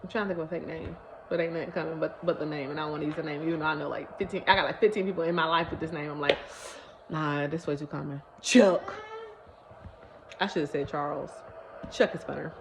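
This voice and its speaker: A woman sharing a personal testimony on video, animated and emphatic as she talks straight to her viewers. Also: low-pitched, fast, a little hiss or hum. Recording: dull lo-fi recording.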